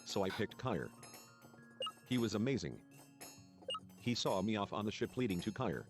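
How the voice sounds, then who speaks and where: A man's voice: fairly low pitch, big pitch swings, moderate pace, music in the background. A man reading game dialogue and narration aloud in a let's play.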